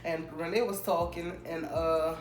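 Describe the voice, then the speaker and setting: A young woman casually telling a storytime, animated and acting out the people she quotes. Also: sits low, unhurried, reverberant. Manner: animated, acts out quoted people in raised voices. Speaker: storytime vlogger.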